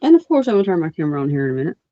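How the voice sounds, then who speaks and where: A woman's voice: sits low, sing-song, racing, dark tone, dry recording. A woman rants on a livestream in a blunt, profane and rambling way, with many fillers. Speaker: livestream host. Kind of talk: livestream rant. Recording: dull lo-fi stream audio.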